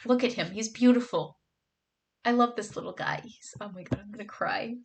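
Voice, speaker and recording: A woman's voice: fairly high pitch, moderate pace, a little hiss or hum. A young woman streaming, chatting casually with her viewers and reading their comments aloud, gushing and bubbly, with lots of "like" and "oh my god".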